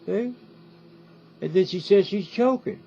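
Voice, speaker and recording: With a high, creaky voice, an older man rambles to the camera, animated but a little slow, repeating himself and asking "See?" again and again. The lo-fi recording is dull, carrying faint music and a little hiss or hum.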